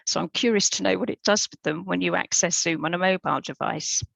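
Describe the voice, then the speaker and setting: A woman's voice: fairly low pitch, fast talker, creaky, fairly bright tone, no echo, rough recording. A woman giving an informal, chatty presentation in an online webinar over a video call microphone. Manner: informal, chatty, with fillers and restarts.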